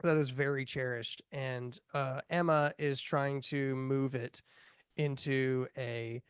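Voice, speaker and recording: A man in his thirties hosting a podcast, talking casually in a rambling way, full of fillers and quick laughs. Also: medium pitch, fairly even intonation, smooth, no room sound, clean studio sound. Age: 30s. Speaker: podcast host reviewing a horror film. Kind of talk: casual chat.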